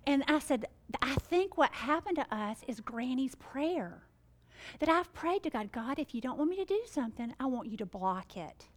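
A woman's voice: high voice, lively intonation, moderate pace. A middle-aged woman, telling a faith story in a chatty, exclamatory way and acting out the dialogue. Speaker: Christian speaker. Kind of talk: animated storytelling.

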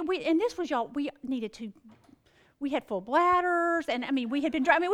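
High-voiced chatty woman. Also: a bit bright. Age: middle-aged. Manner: chatty, exclamatory, acts out dialogue. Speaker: Christian speaker. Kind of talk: animated storytelling.

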